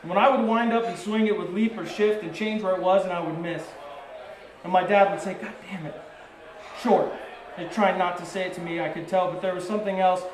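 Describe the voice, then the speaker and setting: High-voiced man reading poetry live. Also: fairly even intonation. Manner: measured, short-phrased delivery with rising intensity. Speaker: poet reading his work. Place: coffee shop and bar venue. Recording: roomy live venue recording.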